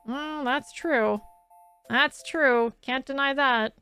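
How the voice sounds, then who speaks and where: A woman streamer chatting casually with her viewers, laughing and swearing freely, then reading second-person game narration in a slower, softer voice. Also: sits high, over loud music, poor audio. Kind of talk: casual live-stream chat and reading game text aloud.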